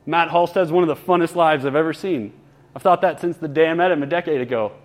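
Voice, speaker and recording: A man's voice: a little high, fast. A man in his thirties telling stories and teaching in a conversational sermon, with asides to the congregation. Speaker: preacher.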